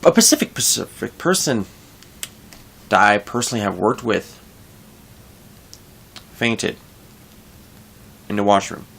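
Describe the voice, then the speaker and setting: Venting frustration about his job, a young vlogger rambles casually and keeps restarting. His lowish, creaky, slightly bright voice swings widely in pitch, unhurried with long pauses, over a little hiss or hum.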